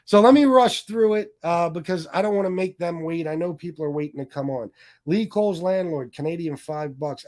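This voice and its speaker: A man's voice: a little high, expressive, moderate pace, a little mellow. A man hosting a livestream, ranting combatively and swearing heavily as he taunts his critics. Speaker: livestream host. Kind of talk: profane livestream rant.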